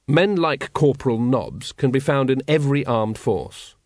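A man narrating an audiobook in a wry, measured way. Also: medium pitch, animated, a little mellow, no echo, studio quality. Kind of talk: scripted narration.

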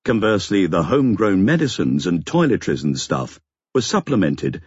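A man narrating a novel in a measured, even storytelling manner. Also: sits low, husky, dry recording, muffled recording. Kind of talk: scripted audiobook narration.

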